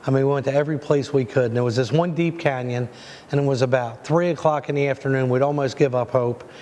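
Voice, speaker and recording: A man narrating a hunt in voice-over, telling it in a rambling, excited way with fillers. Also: medium pitch, fast, big-room sound. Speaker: hunting show host. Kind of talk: voice-over storytelling.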